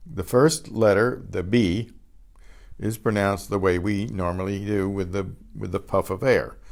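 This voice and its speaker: A man teaching a Spanish pronunciation class. He says each word slowly and repeats it, and he often clears his throat. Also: on the low side, a little mellow. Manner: models words slowly and repeats each one twice. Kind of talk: pronunciation lesson.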